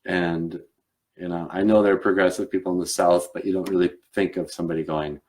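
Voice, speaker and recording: A man's voice: deep voice, a little fast, a little mellow. A man hosting a live stream in casual chat, rambling and hesitant, with many fillers and restarts. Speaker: show host and puppeteer.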